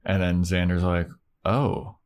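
Male podcast co-host, slightly low voice, loose swearing recap chat. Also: normal speed. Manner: retells scenes in mocking put-on voices, swears freely.

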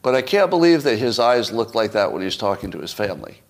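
A man's voice: on the low side, very animated, fast. A man hosting a solo podcast, giving casual, opinionated political commentary with frequent restarts. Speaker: podcast host.

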